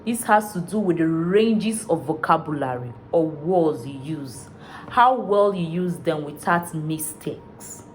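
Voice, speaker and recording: A woman giving a video lesson as a tutor, explaining in a slow, deliberate teaching manner. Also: deep voice, expressive, a little hiss or hum. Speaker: IELTS tutor.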